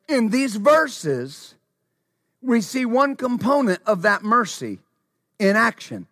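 Male preacher, high voice, repeats phrases, asks the crowd questions, dry close sound. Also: unhurried, dry recording. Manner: stumbles and restarts when excited. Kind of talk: sermon.

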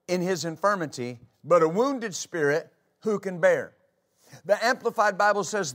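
Male pastor, high voice, preaching a church sermon with rhetorical questions. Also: a bit bright. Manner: preaching with rhetorical questions, reading scripture aloud.

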